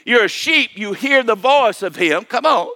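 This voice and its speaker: High, bright-voiced older preacher. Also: male voice, animated, normal speed. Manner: repetitive, stammering restarts, calls for amen. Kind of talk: sermon.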